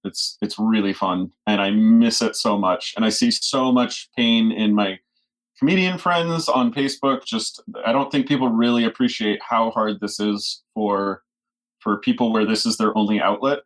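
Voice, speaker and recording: A man's voice: fairly low pitch, normal speed, low-quality recording. Joking man with frequent laughs. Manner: joking, laughs often while talking. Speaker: guest. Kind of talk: casual podcast chat.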